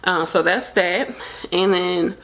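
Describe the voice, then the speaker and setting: Chatty young woman with a lowish voice. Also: fairly even intonation, takes it slowly, fairly bright tone. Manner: rambling and chatty, full of fillers; open and emotional. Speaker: vlogger sharing a pregnancy update. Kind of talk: casual chat to camera.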